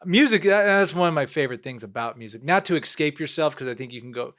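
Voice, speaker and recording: A man's voice: a little high, lively intonation, quick pace, fairly bright tone. A man hosting a podcast in casual conversation, reflective, laughing lightly as he acts out his own thoughts. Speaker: podcast host.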